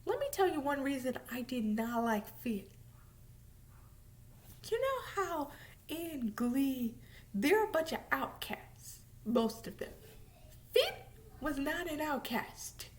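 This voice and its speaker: Woman vlogger, high voice, casual and animated, emphatic repeats, occasional whispers. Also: slow pace, pauses often. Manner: drops to a whisper at times. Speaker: vlogger reviewing a TV series. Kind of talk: casual chat.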